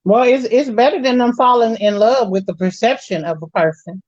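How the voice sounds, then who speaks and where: A woman's voice: on the high side, normal speed, darkish tone, dry recording, lo-fi sound. A woman guest on a casual panel chat, sassy, calling people baby and honey.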